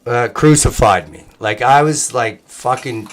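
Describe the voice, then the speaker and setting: A man's voice: mid-range voice, unhurried. A man hosting a livestream, chatting in a rambling, joking, heavily profane way. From Cape Breton, Canada. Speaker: livestream host. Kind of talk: casual party chat.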